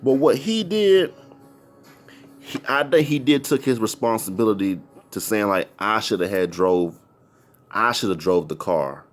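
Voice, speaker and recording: A man recounts a story in a loose, rambling way. His pitch moves around a lot as he repeats and restarts his phrases, keeping it casual and animated. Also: a little slow, soft background music. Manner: rambling, repetitive, animated retelling.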